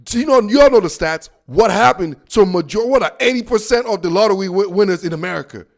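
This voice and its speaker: Male sports podcast host, raspy-edged and high, rowdy trash-talk delivery. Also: lively intonation, quick pace. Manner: loud, rowdy, mocking, slangy. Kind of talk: animated sports rant. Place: near a team facility in the Seattle area.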